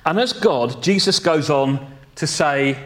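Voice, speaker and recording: A man preaching a sermon in a slow, deliberate way, pausing to correct himself and adding a light joke now and then. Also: a little high, a bit bright.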